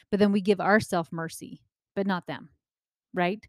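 A woman in her thirties giving casual parenting advice, lively and acting out the remarks she quotes. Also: mid-range voice, moderate pace, dry recording, studio quality. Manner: animated, acts out quoted remarks, often asks "right?".

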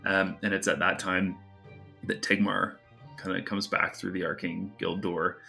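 A man's voice: deep voice, flat delivery, measured pace, vocal fry, bright, forceful tone, soft background music. A man narrating as game master of a tabletop game, casual and hesitant, with many fillers.

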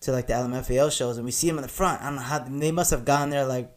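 A man's voice: mid-range voice, fairly even intonation, racing. A man hosting a casual podcast, telling rambling stories with lots of cursing and laughter. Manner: rambling storyteller, cusses freely, laughs often. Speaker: podcast host.

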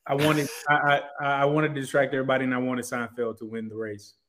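A man who is a guest on a comedic panel chat, starting haltingly and chuckling as he jokes. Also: medium pitch, level tone, noisy background.

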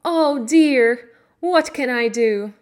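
A woman voicing a young girl who is lost and worried, speaking slowly and clearly. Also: high voice, voice pushed up. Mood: upset. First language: Slovak. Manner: slow, clearly pronounced.

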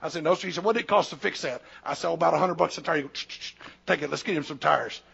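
Gravelly man preaching folksy. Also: on the high side, racing, a bit bright. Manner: folksy, acts out dialogue in quotes. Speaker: pastor and missionary. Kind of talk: sermon storytelling. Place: church. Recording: dull lo-fi church recording.

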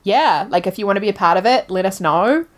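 A woman's voice: mid-range voice, expressive, fairly quick. A woman co-hosting a podcast, chatting candidly and filling her talk with "like". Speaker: podcast co-host. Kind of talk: casual chat.

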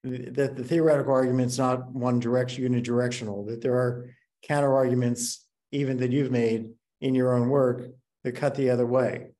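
Male host, mellow tone, measured and calm when challenging a guest. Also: medium pitch. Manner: measured, pushing back calmly. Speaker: interview host. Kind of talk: interview conversation.

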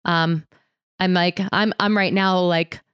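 A woman's voice: lowish voice, steady tone, slow pace, fairly bright tone, clean tone, dry recording, studio quality. Enthusiastic woman hosting a podcast. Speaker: podcast host. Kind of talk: casual interview chat.

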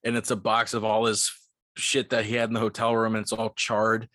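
A tipsy man on a podcast excitedly retelling a movie's plot, rambling with lots of "like" and swearing. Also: lowish voice, brisk, no room sound, studio quality. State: tipsy from liquor. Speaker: podcast co-host. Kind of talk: casual movie-recap chat.

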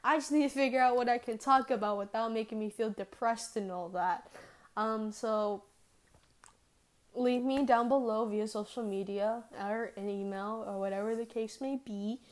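A woman's voice: on the high side, steady tone, normal speed. A teenage girl hosting her own podcast, chatting casually and rambling with many fillers. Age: teens. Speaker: podcast host. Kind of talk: casual solo podcast chat.

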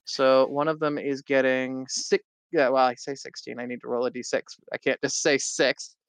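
A man's voice: mid-range voice, little pitch movement, moderate pace, clean tone, no room sound. Wry man playing a tabletop game. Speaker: player. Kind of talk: casual tabletop play.

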